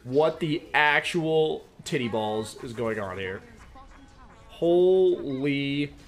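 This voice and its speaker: A man's voice: mid-range voice, drawn-out words, faint music behind. A man streaming a game, chatting casually and reacting with swearing disbelief. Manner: swearing, incredulous, excitable. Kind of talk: casual gaming commentary.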